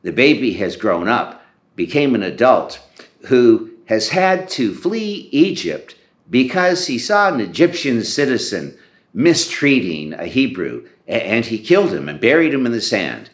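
A man in his sixties preaching a sermon in a church, earnest and measured, with occasional restarts. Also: mid-range voice, very animated. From Canada. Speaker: bishop preaching. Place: church sanctuary. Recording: echoey church.

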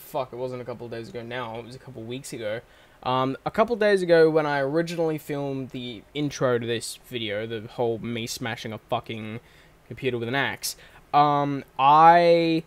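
Rambling young guy vlogging. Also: a little high. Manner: rambling, swears freely, self-correcting. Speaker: channel host. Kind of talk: casual vlog monologue. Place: bedroom recording setup at home. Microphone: microphone on a stand at his desk.

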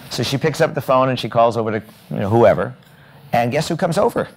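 A man's voice: on the low side, fast talker, gravelly, slight background noise. A man giving a storytelling keynote talk at a hotel event, acting out the lines of each person in his anecdotes. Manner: animated, acts out dialogue in anecdotes. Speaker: keynote speaker.

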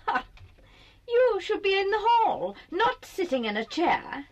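A woman voicing a haughty, vain female doll who speaks in an imperious, disdainful drawl in an animated series. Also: extremely high pitch, unhurried, dull audio, exaggerated voice.

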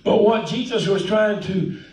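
A man preaching a sermon as pastor, folksy and animated, with frequent hallelujahs, heard in a church sanctuary. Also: high-pitched, measured pace. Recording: echoey church sanctuary, distant mic.

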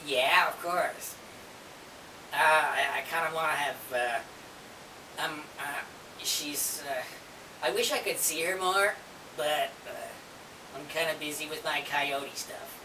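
A shy male coyote puppet mumbles and hesitates, filling his answers with pauses, as a woman acts him out. The talk is slow and quiet. It is recorded from across an echoey room, with faint hiss behind it. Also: low-pitched, vocal fry, recorded from a distance, voice pushed down, full character voice. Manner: hesitant, mumbling, lots of fillers.

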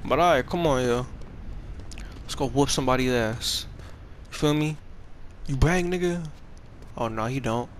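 A man's voice: medium pitch, normal speed, pauses often, a little hiss or hum. A man giving casual gameplay commentary, rambling along in profane, slangy, laid-back talk. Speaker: gamer streaming a playthrough.

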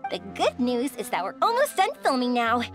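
A woman's voice: on the high side, huge pitch swings, a little fast, soft background music. A woman voicing a cheerful young woman in a fan voice dub, speaking in an upbeat, reassuring way.

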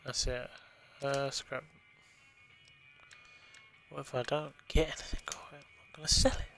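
A man's voice: mid-range voice, level tone, unhurried, gravelly, pushed and bright, faint music behind. A man casually commentating his own gameplay on a stream, thinking aloud and swearing freely. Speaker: game streamer.

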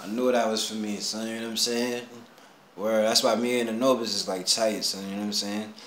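A man telling a personal story in casual street slang, animated, dropping low and then rising to excited shouts. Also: brisk. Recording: roomy echo, faint background hum.

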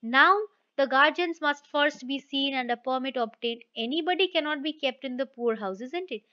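A woman's voice: high voice, normal speed, sharp tone. Brief: woman voicing a patient, firm working man, dull recording. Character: steady, kind-hearted village wheelwright, adult man.

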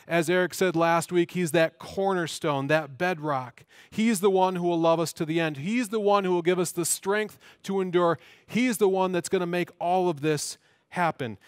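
A man's voice: on the high side, clear, resonant tone, no echo, clean studio sound. A man preaching a sermon as pastor of a church, earnest, with emphatic repeats and questions.

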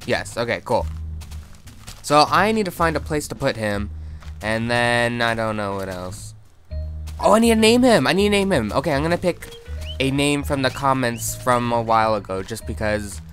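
Chatty male gameplay host, mid-pitched and easily excited, with soft music under him. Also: normal speed. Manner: chatty, excitable, squeals high when startled. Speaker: gaming video host. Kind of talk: casual gameplay commentary.

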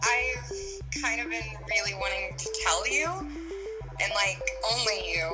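A woman's voice: medium pitch, unhurried, rough recording. A woman on a video call with a friend, chatting casually in a playful, bantering way. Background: loud background music.

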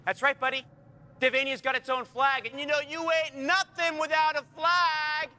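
A man's voice: very high voice, level tone, normal speed, sharp tone, exaggerated voice. An actor playing a boastful, childish man who taunts and mocks his friend in a film comedy. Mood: gloating. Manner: taunting, mocking, whooping. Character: boastful childish man, self-declared ruler of his own country. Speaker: gloating man named Dave.

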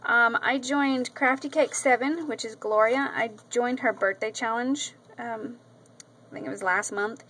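Woman crafting vlogger, slightly high voice, chatty and effusive, loose casual delivery into the camera. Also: unhurried, a bit bright, poor audio. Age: adult with a daughter. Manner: chatty, gushing, with many ums and repeats. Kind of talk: casual show-and-tell vlog. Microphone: camera mic.

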